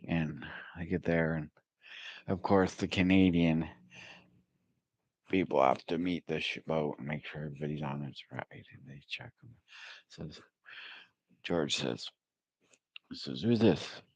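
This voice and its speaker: A man telling a personal faith story in a rambling, halting way, with many fillers and little chuckles. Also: rumbling low, steady tone, husky, no room sound.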